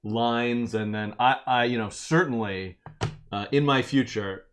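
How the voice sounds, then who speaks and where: A man's voice: medium pitch, a little slow, a little hiss or hum. A man hosting a casual live stream from a home attic studio, rambling and self-deprecating, laughing often between thoughts. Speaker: live-stream coding host.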